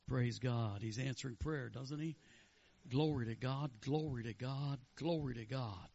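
A man's voice: medium pitch, measured pace, darkish tone, breathy edge. A man preaching a sermon and delivering prophetic words, fervently calling out praise and questions to the congregation. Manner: fervent, chanting praise and call-outs. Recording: dull lo-fi sound.

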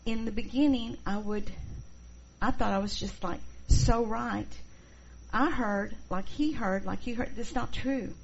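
Gravelly woman teaching a church class. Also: a little high, a little slow. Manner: expressive, acts out quoted people. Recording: dull lo-fi recording, faint noise.

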